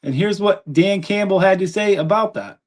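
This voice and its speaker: A man's voice: high voice, moderate pace. A man hosting a live sports podcast, chatty and upbeat as he reads viewer comments aloud. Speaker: podcast host.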